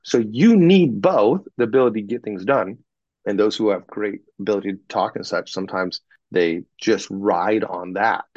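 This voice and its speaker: A man working as a communication coach, telling animated stories about clients and acting out what they said in an interview. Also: on the low side, moderate pace, dry recording, dull audio. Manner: animated anecdotes, acts out clients in quoted voices. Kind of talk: podcast interview, storytelling.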